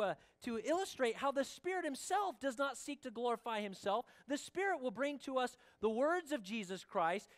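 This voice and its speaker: Pastor preaching in church, measured delivery, voice sinking low at phrase ends, mid-range pitch. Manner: slow and emphatic, drops the voice low at phrase ends; asks the congregation direct questions. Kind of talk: sermon.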